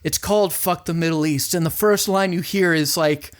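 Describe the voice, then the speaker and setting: A man with a slightly higher voice co-hosts a casual podcast. He rambles along, bouncing into quoted lines and sometimes shouting them for effect. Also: normal speed. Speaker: podcast co-host. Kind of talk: casual chat about music.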